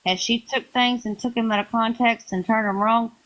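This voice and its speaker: A woman hosting a live stream, answering accusations in a calm, measured way. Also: on the high side, poor audio.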